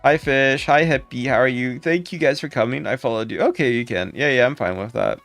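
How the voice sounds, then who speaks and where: A man hosting a casual live stream, thanking and greeting viewers by name in quick upbeat bursts. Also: faint music behind. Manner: upbeat, jumps into high excited calls when thanking donors. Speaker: livestream host.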